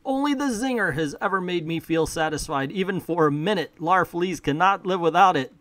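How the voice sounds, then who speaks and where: A man's voice: sits high, expressive, a little fast, fairly bright tone, no room sound. A man voicing a greedy, needy male alien hoarder in a comic read-aloud, in a pleading, hungry tone. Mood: craving.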